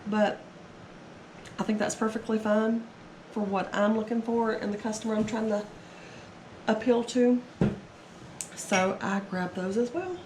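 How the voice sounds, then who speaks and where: This woman, a reseller vlogger still getting over an illness, talks casually through her resale haul, her strained voice medium in pitch and unhurried as she chats and wanders off topic. Background noise and faint ambience fill the echoey room.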